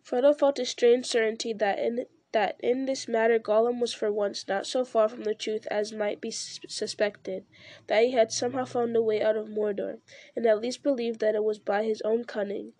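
A woman reading a novel aloud at a steady pace, with occasional slips and restarts. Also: on the high side, normal speed, no echo. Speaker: reader.

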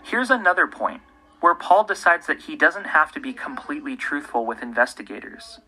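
A man, the host, giving scripted true-crime narration in a measured, pointed way. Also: on the high side, big pitch swings, pushed and bright, breathy edge, soft background music, low-quality recording. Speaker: podcast host.

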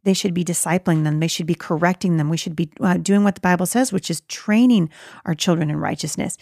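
A woman's voice: on the low side, a little mellow, no echo, clean studio sound. A middle-aged woman giving an earnest Christian parenting talk, conversational and emphatic, with rhetorical asides. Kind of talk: earnest faith-based teaching talk.

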